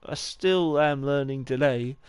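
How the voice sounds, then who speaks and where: A man's voice: mid-range voice, measured pace, a little mellow, clean tone, no echo. A man live-streaming a baseball game, talking in a rambling, stuttering, encouraging way. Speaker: gaming streamer.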